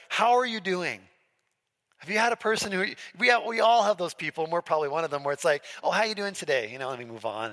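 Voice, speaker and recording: A man's voice: a little high, bright, forceful tone. A man preaching a sermon as pastor, in a chatty way, often asking his listeners questions. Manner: conversational, asks the congregation questions. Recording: echoey hall with long reverb.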